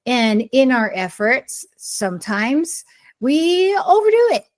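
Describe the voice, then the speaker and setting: A woman's voice: high voice, big pitch swings, slow. A middle-aged woman talking casually to camera as a blogger, opinionated and emphatic, often wandering and restarting her sentences. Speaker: blogger sharing personal experience.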